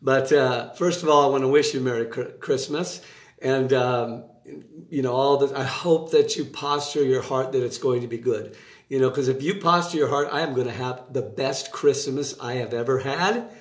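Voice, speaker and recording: A man giving a casual devotional talk from a room in his home, chatty and animated, with asides and laughter. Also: mid-range voice, moderate pace, roomy sound. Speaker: preacher giving an online devotional. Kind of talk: casual preaching to camera.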